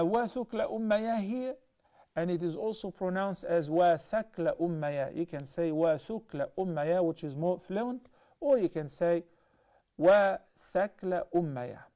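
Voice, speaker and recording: A man lectures on a hadith in a dark, mellow voice. He speaks in a measured way and often stops to restate a point more clearly. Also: a little high. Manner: measured, explanatory, with repeated self-corrections. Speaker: Islamic teacher. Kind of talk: explaining a hadith to a class.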